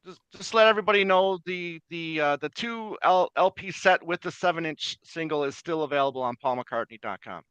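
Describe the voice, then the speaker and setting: A man co-hosting a casual music chat, halting and restarting as he talks and laughing along. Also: on the high side, fairly bright tone, smooth, dry recording, dull audio. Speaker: podcast co-host.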